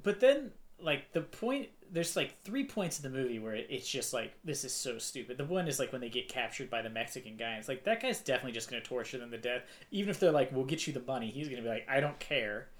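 A man's voice: mid-range voice, big pitch swings, fast talker, few pauses. Rambling man reviewing a movie. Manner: rambling, filler-heavy, mocking quotes. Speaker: podcast co-host. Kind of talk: casual movie review chat.

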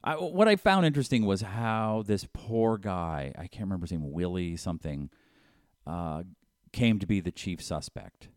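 A man's voice: low voice, animated, normal speed, no echo, clean studio sound. A man in casual chat, rambling and swearing as he riffs on crime stories, slipping into comic impressions.

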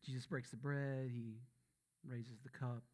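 Male pastor with a Southern accent, mid-pitched, preaching with intensity that swells and falls. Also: level tone, measured pace, a little mellow. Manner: impassioned, building to emphatic peaks then dropping low and solemn. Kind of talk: sermon.

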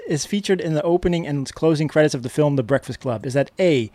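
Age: adult. Sex: man. Role: quiz host on a casual podcast. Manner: upbeat, quick to laugh. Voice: a touch higher than most men. Sound: dry, close mic. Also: dark tone, dry recording. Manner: upbeat, laughs often while reading questions.

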